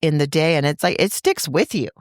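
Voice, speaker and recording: A woman's voice: low voice, expressive, a little fast, no echo, studio quality. A middle-aged woman co-hosting a podcast, speaking in a thoughtful, earnest and supportive way. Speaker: podcast co-host. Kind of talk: casual podcast chat.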